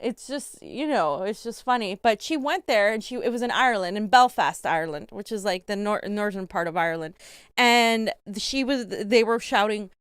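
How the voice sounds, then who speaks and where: A woman's voice: medium pitch, animated, normal speed, a bit bright, clean tone, dry recording, studio quality. A woman co-hosting casual political commentary, blunt and laughing often, swearing freely. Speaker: co-host.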